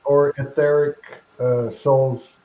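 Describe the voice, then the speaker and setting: A male host with a mellow, warm voice who asks his guests easygoing questions. The audio is dull and lo-fi. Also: medium pitch, level tone, takes it slowly. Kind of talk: casual chat.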